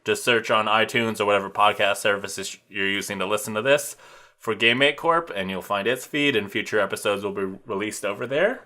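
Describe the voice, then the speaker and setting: A man's voice: fairly low pitch, brisk, pushed and bright. A man hosting a podcast in casual chat, rambling through jokey plugs and announcements. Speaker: podcast host.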